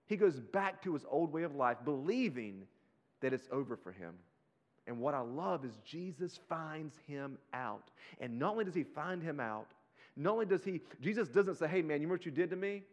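A man preaching a sermon as pastor, animated and conversational, talking straight to his listeners in casual slang. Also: a little high, moderate pace. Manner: slips into casual slang like "y'all".

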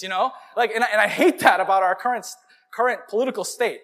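High-voiced man preaching a casual sermon. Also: fast. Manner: conversational storytelling, animated. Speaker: pastor.

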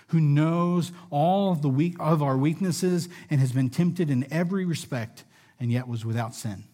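A man preaching a sermon in a room with listeners, earnest and measured, often dropping softly at the ends of phrases. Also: mid-range voice. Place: room with a gathered audience.

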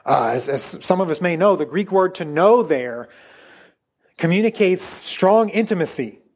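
High-voiced man preaching. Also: animated, a little slow. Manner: conversational, with many restarts and asides. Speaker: pastor. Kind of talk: sermon.

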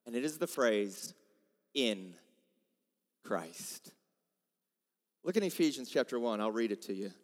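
A man preaches with a very high, bright, forceful voice. He tells the story with lively acted-out voices and swings between loud calls and hushed lines. A long church reverb hangs behind him. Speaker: pastor. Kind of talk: sermon. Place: church sanctuary.

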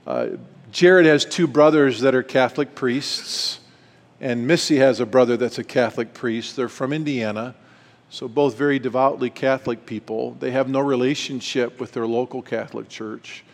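A man's voice: medium pitch, normal speed. A middle-aged man speaking at a retreat, telling a personal story and acting out the dialogue with animation. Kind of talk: storytelling talk. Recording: long hall reverb.

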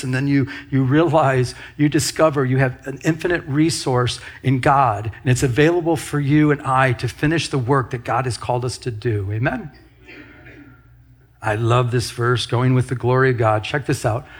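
Husky-voiced man preaching a sermon. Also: medium pitch, normal speed. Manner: leads congregation in call-and-response; repeats and restarts phrases while preaching. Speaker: pastor.

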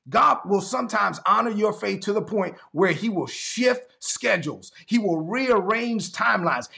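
A male pastor preaching with emphatic, repeated exhortations. His voice is high and bright with a gravelly rasp running through it. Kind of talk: sermon.

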